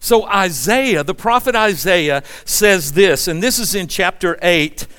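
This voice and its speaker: A man in his sixties preaches with a fairly high voice. He tells stories in a loose, conversational way and keeps turning to the congregation with questions. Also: animated, unhurried, a bit bright, clear, resonant tone. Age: 60s. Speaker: pastor. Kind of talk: sermon.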